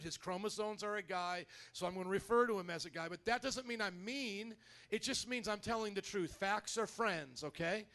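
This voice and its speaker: A man with a notably high voice preaches to his congregation in a church. He talks in an energetic, conversational way, often turning to the crowd with prompts and asides. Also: clear, resonant tone. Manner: energetic, conversational preaching with audience call-outs. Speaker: pastor. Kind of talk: sermon.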